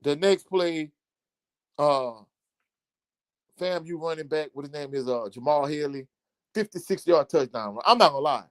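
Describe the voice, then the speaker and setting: A man's voice: a little high, moderate pace, pauses often, clean tone, no room sound. A man giving a casual, blunt postgame reaction from home, exasperated and repeating himself. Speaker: sports channel host. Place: home, indoors.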